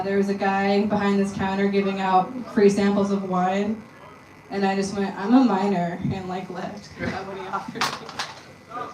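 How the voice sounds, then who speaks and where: A young woman from Texas doing a stand-up comedy set in a deadpan, self-deprecating way. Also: medium pitch, background noise. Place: comedy venue with audience. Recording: roomy live sound from a distant mic.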